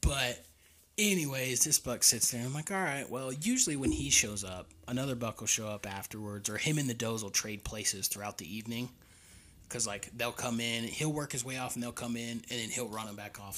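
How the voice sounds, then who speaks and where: A man's voice: mid-range voice, lively intonation, fairly quick, fairly bright tone, a little hiss or hum. A young man from Oklahoma, co-hosting a podcast, telling a story in casual chat and laughing often. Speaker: podcast co-host.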